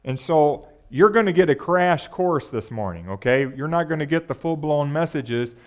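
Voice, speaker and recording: A man's voice: a little high, lively intonation, normal speed. Man preaching a conversational sermon. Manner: conversational preaching with rhetorical questions. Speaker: pastor.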